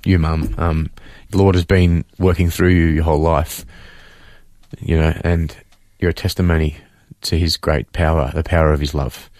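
Earnest deep-voiced man. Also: level tone, darkish tone, dry recording. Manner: earnest, halting, many fillers. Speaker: interview guest. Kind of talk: emotional faith testimony.

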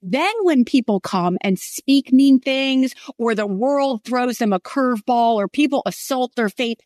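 A woman's voice: on the high side, measured pace, a little mellow, dry recording, studio quality. A woman author as a guest in a faith interview, telling personal stories in an earnest, heartfelt way.

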